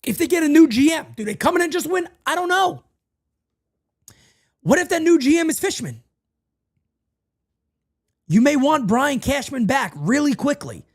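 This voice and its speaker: Animated, high-pitched male sports host. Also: normal speed, pauses often. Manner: animated and emphatic, repeats phrases. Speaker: podcast host. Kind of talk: sports talk rant.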